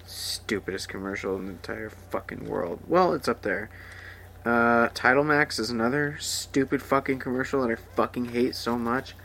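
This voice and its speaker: A man's voice: medium pitch, steady tone, normal speed, vocal fry, bright, forceful tone, a little hiss or hum. A young man hosting a podcast, ranting crudely and sarcastically about things he hates, mocking the voices of ads. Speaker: podcast host. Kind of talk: profane rambling rant.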